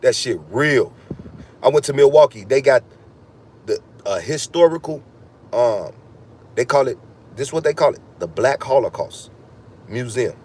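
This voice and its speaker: A man's voice: medium pitch, animated, measured pace, long pauses, darkish tone, slight background noise. A man delivering a heated, profane, freewheeling podcast monologue, ranting and swearing constantly. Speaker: podcast host.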